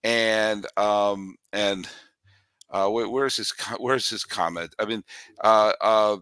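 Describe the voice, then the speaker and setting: A man hosts a casual sports podcast with a bright, pressing voice. He rambles through fillers and restarts and gets loud out of sheer enthusiasm. The sound is close and dry. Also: lowish voice, slow pace, smooth, no room sound. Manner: excitable, raises his voice out of enthusiasm. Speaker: podcast host.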